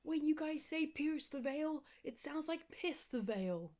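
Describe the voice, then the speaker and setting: A brash American male frontman talks to his crowd in a put-on American accent, slow and drawling, as a woman mimics him. The voice sits well above her own, with a playful, exaggerated lilt. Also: sits high, animated, a little mellow, pitched above the performer's own voice. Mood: teasing.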